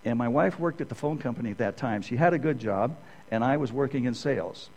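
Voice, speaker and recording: A man's voice: medium pitch, fairly quick, vocal fry, darkish tone, low-quality recording. A middle-aged man preaching a sermon in a conversational way, often checking in with the listeners by asking "okay?".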